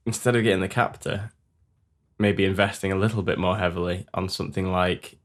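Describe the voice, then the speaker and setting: A man co-hosting a podcast, chatting eagerly about guitar gear and jumping in with answers. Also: sits low. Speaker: podcast co-host.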